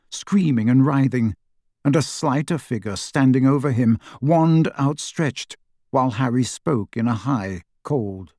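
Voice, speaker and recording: Reading a fantasy novel as scripted narration, this male audiobook narrator keeps his mid-range voice steady and measured. No room sound is audible, and the audio is clean studio quality.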